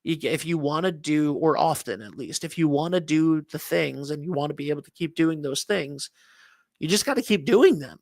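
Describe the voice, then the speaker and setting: Male morning co-host, rambling talker, a touch high-pitched, dry close sound. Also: expressive, normal speed, vocal fry, darkish tone, no echo. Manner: rambling storyteller, many restarts and fillers. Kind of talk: casual morning show chat.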